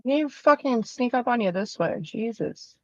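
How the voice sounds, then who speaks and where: A woman's voice: fairly high pitch, expressive, moderate pace, darkish tone, dry recording, dull audio. Profane Canadian woman streaming a game. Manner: profane, joking, laughs easily. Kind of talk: casual chat while playing a video game.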